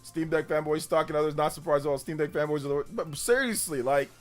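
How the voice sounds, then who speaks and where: A man's voice: a little high, fast talker, hardly any pauses, soft background music. A man hosting a casual livestream, ranting in exasperation about a troll and then apologizing. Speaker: livestream host.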